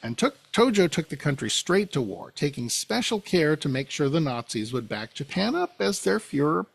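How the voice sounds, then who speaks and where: A man's voice: on the high side, very animated, normal speed, creaky, breathy edge, dry recording. A man hosting a podcast, telling a history story casually and pointing out pictures as he talks. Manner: conversational, with fillers, pointing out pictures as he goes. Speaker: podcast host.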